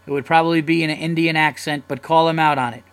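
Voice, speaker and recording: A young man hosting his own podcast, talking in a loose, profane, rambling way that gets excitable. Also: on the high side, quick pace, clean tone. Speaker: podcast host. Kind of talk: casual solo podcast rant.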